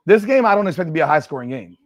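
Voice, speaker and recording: Guy doing a live football watch stream, kinda high voice, dry close mic, gets loud and repeats himself. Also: rapid-fire, no echo. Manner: excitable sports fan talk with repetitions, shouting at plays. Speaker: host of a sports live stream. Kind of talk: live watch-party reaction.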